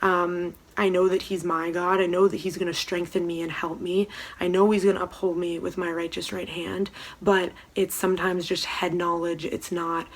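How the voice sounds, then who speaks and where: Young woman doing a devotional from her house, lots of ums, kinda low flat voice. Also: normal speed. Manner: soft-spoken, hesitant with many ums. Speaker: church devotional speaker. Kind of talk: casual home devotional talk. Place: room at home.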